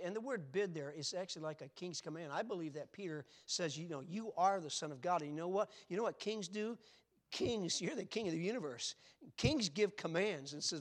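An older male pastor delivers a sermon in a fairly high voice. He presses the listeners with earnest questions, rising loud for emphasis and dropping quiet when he reflects. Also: animated, moderate pace.

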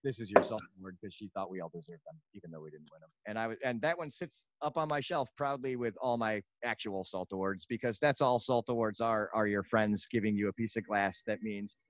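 A man hosts a podcast in loose, casual chat, blunt and quick to joke. His voice sits low. The recording is dull and dry, with a lo-fi edge. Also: no echo. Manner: blunt, joking, swears casually. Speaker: podcast host.

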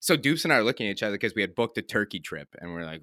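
Bright-voiced young man telling hockey stories. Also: lowish voice, big pitch swings, very fast, hardly any pauses, no echo, clean studio sound. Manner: laid-back, profane, laughs through stories. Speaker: podcast co-host, pro hockey player. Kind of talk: casual storytelling chat.

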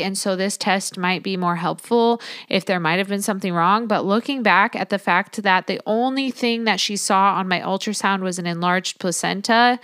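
A woman's voice: medium pitch, a bit bright, dry recording, clean studio sound. A young adult woman hosting a podcast, telling her personal story in a candid, emotional and sometimes indignant way. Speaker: podcast host.

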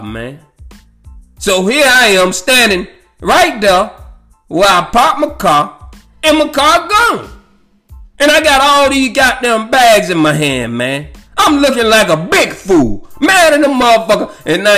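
A podcast host with a fairly high, bright, forceful voice tells casual, profane, rambling stories in a monologue. He laughs at his own jokes and keeps checking in with "you know what I'm saying."

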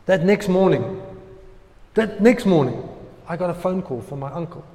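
A young man preaching, telling a personal story in an animated way and acting out his own prayers. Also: sits high, takes it slowly, pauses often, in a large hall. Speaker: pastor.

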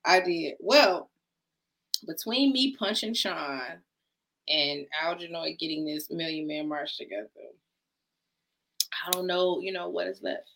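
A woman co-hosting a podcast, loud and playful, roasting and laughing a lot in casual banter. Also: fairly low pitch, measured pace, creaky, pauses often. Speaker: co-host.

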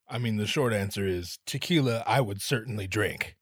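A man with a fairly low voice talks through a rambling comic podcast monologue, cursing freely and jumping into impressions. He is recorded close on the mic in a dry, dead space. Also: moderate pace, dry recording. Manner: profane, joking, slips into voices. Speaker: podcast host. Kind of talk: casual comedic monologue.

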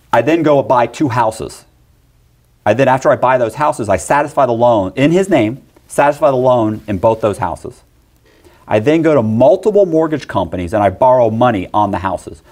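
Man telling a story, acting out voices. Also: medium pitch. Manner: animated, acts out other people's lines in quick voices. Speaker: guest telling a personal story. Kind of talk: casual storytelling.

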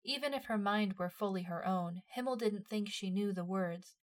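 Casting: woman narrator, mid-pitched, measured expressive storytelling. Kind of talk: storytelling narration of fan fiction.

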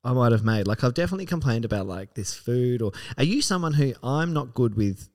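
Speaking in a brisk, mid-range voice, this male podcast co-host tells stories during easygoing chat. He animates his tales by acting out what people said.

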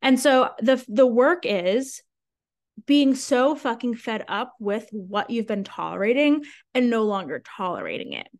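Talking casually and candidly on her podcast, this young sales coach peppers her solo monologue with fillers and offhand swearing. She has a fairly high, expressive voice and speaks at a measured pace.

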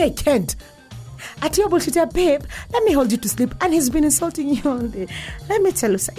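A Kenyan woman tells a story as a blunt, foul-mouthed rant, slipping between English and Swahili. Her voice sits a little high and swings widely in pitch. Faint music plays behind her. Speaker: vlogger.

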